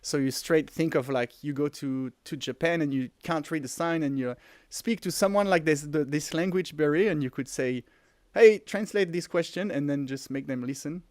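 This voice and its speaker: A man in his forties with a French accent, co-hosting a casual livestream and talking in an excited, rambling way with many restarts. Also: a little high, moderate pace, dry recording, clean studio sound. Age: 40s. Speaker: podcast co-host. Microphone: headphones and close mic.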